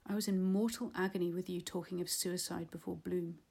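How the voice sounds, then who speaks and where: A woman reading a hushed gossiping mourner. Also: level tone, a little fast, gravelly, slightly rough. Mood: confiding. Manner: confiding, low-voiced.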